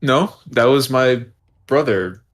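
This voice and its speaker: A man's voice: mid-range voice, animated, slow pace. A man playing an online shooter and chatting casually with teammates in a teasing, playful way. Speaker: game player. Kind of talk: casual gaming voice chat.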